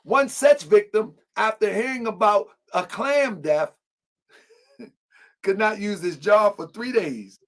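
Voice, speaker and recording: A man's voice: sits high, slow pace. A man hosting an online show, reading aloud and reacting in casual slang with frequent laughter.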